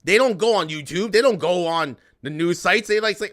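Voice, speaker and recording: A man's voice: high-pitched, brisk, fairly bright tone. A young man streaming and chatting to viewers, ranting in an exasperated way, repeating himself and swearing. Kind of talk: ranting casual chat to viewers.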